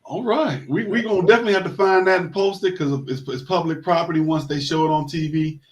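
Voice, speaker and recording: A man's voice: on the high side, fast, highs cut off. Rambling male sports talk host. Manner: rambling, many fillers and restarts, shout-outs. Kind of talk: casual sports talk show.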